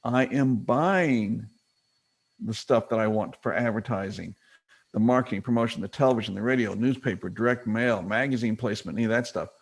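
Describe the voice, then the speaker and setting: A middle-aged man with a low, creaky, husky voice presents a business training webinar. He teaches conversationally, retelling stories with quick acted-out quotes.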